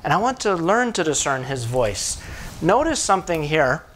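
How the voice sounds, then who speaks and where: Animated preaching man, fairly high voice. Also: moderate pace, slight background noise. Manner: animated storytelling preacher, asks the congregation questions. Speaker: pastor. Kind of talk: sermon.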